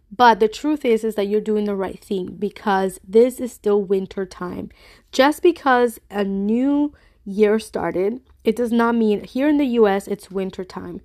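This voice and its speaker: A woman's voice: on the high side, a little mellow. A woman from the US hosting a casual solo talk, earnest and reassuring, with a stuffy, congested voice. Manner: reassuring, earnest, speaks to listeners directly. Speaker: podcast host.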